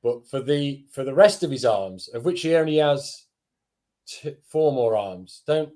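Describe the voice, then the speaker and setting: A man joking through a casual film podcast, wry and quick to laugh. He talks in stop-start bursts with an ordinary mid-range voice. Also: medium pitch, expressive, a crowd in the background. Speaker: co-host film reviewer.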